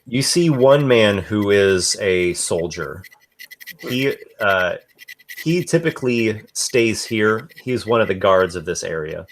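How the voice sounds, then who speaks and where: A man narrating as game master in a tabletop game, halting, with many fillers and restarts. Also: on the low side, animated.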